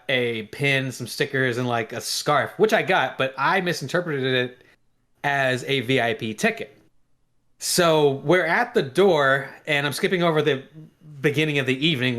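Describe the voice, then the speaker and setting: A man co-hosting a podcast, telling a story in a lively way and acting out the people in it. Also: mid-range voice. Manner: animated, acts out quoted voices. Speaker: podcast co-host. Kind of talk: casual storytelling chat.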